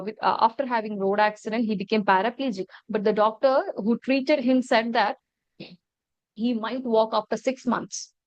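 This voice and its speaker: A woman's voice: mid-range voice, no echo, highs cut off. A woman with an Indian English accent giving an online training lecture to nurses, earnest, with repeated rules and rhetorical questions. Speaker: nursing trainer.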